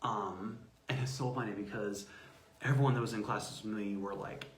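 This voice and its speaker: A man speaking as an interview guest about self-advocacy, telling stories with lively acted-out quotes. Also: fairly low pitch, moderate pace. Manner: animated storyteller acting out quoted voices. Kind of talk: casual interview talk. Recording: roomy echo.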